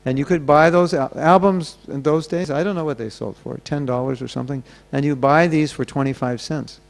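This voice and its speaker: Giving a sermon at a temple gathering, this man speaks a little fast in a fairly high, creaky voice. He narrates stories and voices the people who appear in them.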